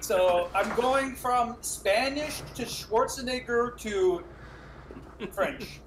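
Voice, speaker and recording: Rambling, hesitant tabletop player. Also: male voice, very high voice, takes it slowly. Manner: hesitant, rambling, lots of fillers. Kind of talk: playing a tabletop game. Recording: faint background noise.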